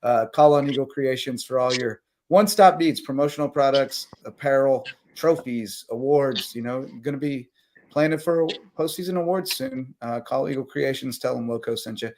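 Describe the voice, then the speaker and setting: A man from the South Carolina Lowcountry hosts a late-night sports talk stream, rambling through game recaps and sponsor shout-outs at normal speed. His mid-pitched voice is casual, tired yet still running on adrenaline, with a little hiss or hum in the audio.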